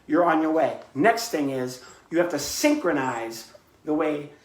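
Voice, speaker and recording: A man's voice: on the high side, lively intonation, unhurried, echoey room. A man performing live online ventriloquist comedy, chatty as he explains his act. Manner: chatty, explaining while bantering.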